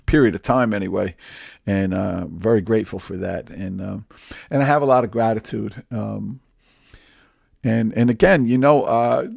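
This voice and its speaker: A man's voice: lowish voice, normal speed, creaky, darkish tone, no echo, clean studio sound. A man in his sixties talking through a candid personal monologue, rambling and repeating words, with wry humor. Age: 60s. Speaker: podcast host.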